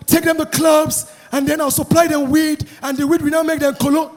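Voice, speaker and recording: A man's voice: very high-pitched, little pitch movement, fairly quick, soft background music. A man with a Nigerian accent mimicking a laid-back male star singer who drawls and boasts in an interview. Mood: boastful drawl. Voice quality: drawling, filler-heavy "you know" talk.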